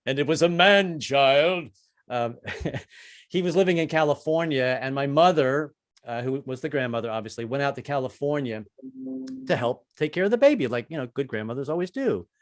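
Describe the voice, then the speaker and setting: A man's voice: animated, moderate pace. An older man performing a stand-up set in a comedy club, chatty and self-deprecating, with lots of restarts. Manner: chatty, self-deprecating, jumps into high-pitched character voices for quoted people.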